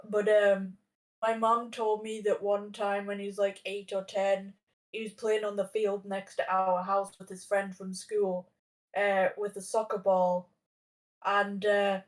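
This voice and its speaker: A woman's voice: medium pitch, a little mellow. A woman in her thirties tells a story in loose, casual chat, piling up fillers and restarting her sentences. She sits a little away from the microphone, so her voice comes across slightly distant. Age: 30s. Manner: rambling, many fillers and restarts. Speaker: podcast guest.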